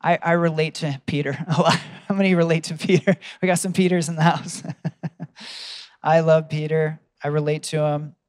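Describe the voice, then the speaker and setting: Male preacher with a slightly high voice, earnest storyteller, dry close recording. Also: flat delivery, normal speed, no echo. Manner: earnest storytelling, asks the congregation questions. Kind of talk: sermon.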